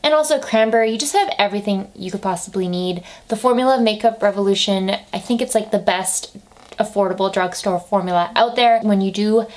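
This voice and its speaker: A woman in her twenties talking to the camera in a relaxed, chatty way, full of "like" and "I feel like," recommending products. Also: medium pitch, brisk. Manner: chatty, lots of "like" and "I feel like", laughs easily. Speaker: beauty vlogger.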